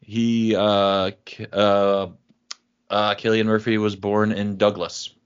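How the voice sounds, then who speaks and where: A man in casual movie chat, rambling and pausing with fillers as he recalls names. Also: on the low side, level tone, clean tone. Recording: dull lo-fi sound.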